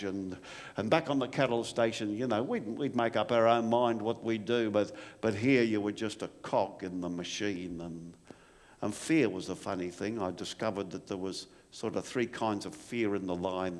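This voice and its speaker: A man's voice: on the low side, close to an everyday voice. A man with an Australian accent playing an old bushman telling a rambling, stammering storytelling monologue about his soldiering days. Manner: rambling, stammering yarn with repeated "and, and". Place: live performance venue. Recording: long reverb in a venue hall.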